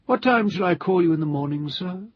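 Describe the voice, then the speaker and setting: A man's voice: high-pitched, expressive, brisk, no echo, voice pushed up. A man voicing a humble, muddle-headed male hotel waiter who is deferential and keeps saying sir. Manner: deferential servant speech, calls everyone sir. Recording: dull lo-fi recording.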